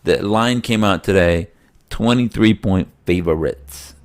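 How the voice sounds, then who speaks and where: Gravelly low-voiced man talking sports. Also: a little slow. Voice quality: slightly nasal. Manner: rambling, animated, laughs often. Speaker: podcast co-host. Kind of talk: casual sports chat.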